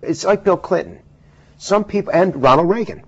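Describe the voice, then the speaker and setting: A man with a husky voice giving emphatic, explanatory answers as a guest in a televised interview. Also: high voice, normal speed. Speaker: political pollster guest. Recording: dull lo-fi television audio.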